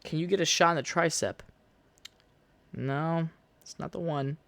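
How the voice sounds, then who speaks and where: A man's voice: a little high, measured pace, gravelly, fairly bright tone, no room sound. A young man hosting a casual solo podcast, rambling and swearing freely as he tells stories. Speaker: podcast host.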